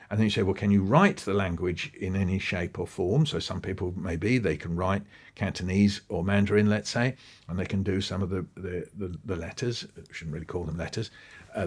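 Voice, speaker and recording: A man with a slightly low voice, interviewed about teaching and speaking easily, as if chatting. He builds his points through stories and brief acted-out quotes, and he often circles back with restarts and asides while he thinks. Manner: animated storytelling, acting out quoted voices. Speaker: guest speaking on education. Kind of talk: relaxed conversational interview.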